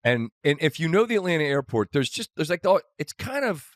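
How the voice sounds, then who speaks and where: Lively wry man ranting on a podcast. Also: on the high side, brisk, no echo, studio quality. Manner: animated, wry storytelling rant. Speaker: podcast host. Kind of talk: casual podcast chat.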